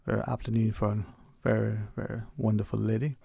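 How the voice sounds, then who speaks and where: Gravelly radio host. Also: male voice, lowish voice, little pitch movement, a little fast, mellow, no echo, studio quality. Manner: easygoing, chatty, with frequent restarts. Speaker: radio talk show host. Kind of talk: casual call-in radio chat. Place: radio studio. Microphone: close studio mic.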